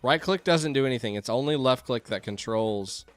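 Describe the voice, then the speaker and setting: A man giving excitable let's-play commentary, yelping and laughing as things go wrong on screen. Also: medium pitch, moderate pace, soft background music. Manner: excitable, yelps and laughs at chaos. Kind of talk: game commentary.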